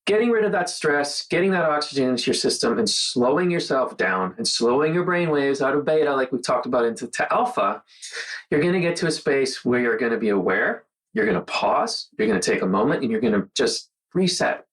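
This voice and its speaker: A man hosting a casual mindfulness monologue, talking earnestly and guiding the listener through slow counted breathing. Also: medium pitch, expressive, fairly bright tone, rough recording. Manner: earnest, conversational, guides breathing with counted pauses. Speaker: host.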